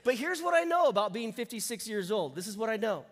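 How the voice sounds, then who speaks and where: A man, animated and joking with the people in the room. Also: high voice, fast talker. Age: 50s. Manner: animated, humorous, talks to the congregation. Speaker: pastor. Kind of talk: sermon. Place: church sanctuary. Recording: long reverb of a church hall.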